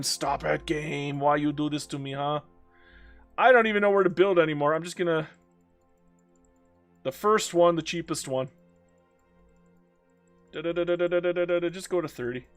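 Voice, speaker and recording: A young man with a slightly high voice, tired from hours of streaming a strategy game. He mutters at the game, groans, and cracks jokes as he plays. Soft music plays faintly underneath. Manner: talks to himself and the game, groaning and joking. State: worn out after many hours of play. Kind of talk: live-streamed strategy gameplay commentary.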